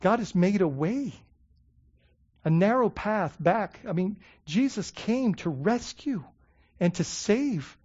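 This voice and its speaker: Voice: medium pitch, lively intonation, slow pace, darkish tone, dull audio. A pastor preaching a sermon, emphatic, often repeating words and checking in with the congregation.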